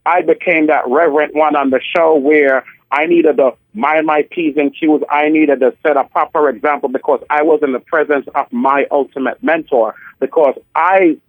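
Over a tinny, dry phone line, a drag queen in his forties chats in a casual phone interview, his voice on the high side and the recording dry. He's theatrical and sassy, tossing out "honey" and "darling" as he talks.

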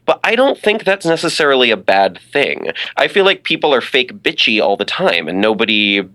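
A man's voice: medium pitch, moderate pace. A young man talking casually as a podcast guest, full of fillers and restarts. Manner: lively, many fillers and restarts. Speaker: podcast guest, drag performer. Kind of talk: casual interview chat.

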